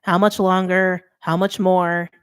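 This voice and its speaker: A young woman with a slightly low voice reads tarot cards in a loose, conversational way. She talks with emphasis, repeats herself and breaks off mid-thought. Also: flat delivery, unhurried, clean tone. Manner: chatty, emphatic, self-interrupting. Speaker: tarot reader. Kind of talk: casual tarot reading.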